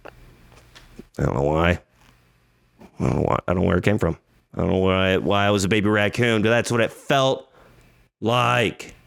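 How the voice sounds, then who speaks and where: A man's voice: fairly low pitch, dry recording, studio quality. A man in his thirties hosting a podcast, telling a story in a casual, jokey way and acting out his own thoughts in an exaggerated voice. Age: 30s. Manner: animated, jokey, exaggerated retelling with quoted inner voices. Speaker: podcast host.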